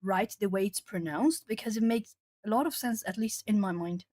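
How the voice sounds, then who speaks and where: Woman from southern Brazil, native Portuguese speaker, art stream host; chatty, rambling delivery, mid pitch, dry room. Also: normal speed, darkish tone, dry recording. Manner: chatty, rambling with frequent fillers and laughs. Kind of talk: casual chat with live chat.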